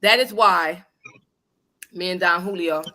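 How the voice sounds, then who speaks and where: A woman hosting a casual talk show, telling a story in an animated, emphatic and blunt way. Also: fairly low pitch, a little slow. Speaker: host. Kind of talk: casual chat. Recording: live online radio show.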